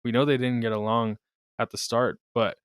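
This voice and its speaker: A man's voice: mid-range voice, flat delivery, moderate pace, clear, resonant tone, no echo, clean studio sound. A man co-hosting a podcast in casual chat. He is laid-back, laughs often and swears casually. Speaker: podcast co-host.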